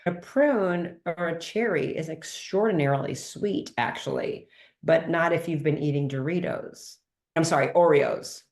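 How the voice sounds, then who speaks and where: Low-voiced, animated woman host. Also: unhurried. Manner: animated, acts out quoted dialogue, laughs often. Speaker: host, doctor. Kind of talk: casual interview conversation.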